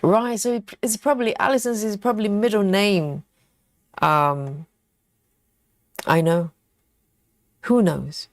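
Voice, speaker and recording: A woman's voice: mid-range voice, steady tone, slow pace, pauses often, no room sound, studio quality. A woman with a British accent hosting a casual live stream, reading viewer comments aloud and musing over them, often breaking into laughter. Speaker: livestream host reading viewer chat. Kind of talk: casual live chat while cross-stitching.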